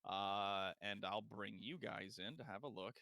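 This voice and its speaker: A man's voice: fairly low pitch, measured pace, gravelly, sharp tone, no room sound. A man narrating a tabletop game as game master, rambling with many fillers.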